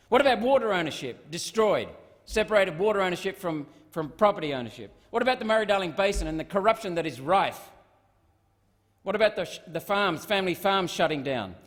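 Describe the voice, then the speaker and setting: This is a high, expressive male voice moving at a brisk clip: a middle-aged Australian senator in combative form, peppering the parliament chamber with repeated rhetorical questions. Long reverb from the big room fills the recording.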